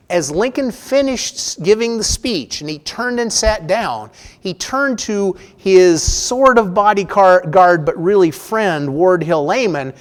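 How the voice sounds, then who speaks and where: Man lecturing on history, chatty. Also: high-pitched. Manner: informal, self-correcting, chatty asides; reads the address with rising emphasis. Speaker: history professor giving a public talk. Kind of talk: public lecture with a read-aloud speech. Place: lecture room with an audience.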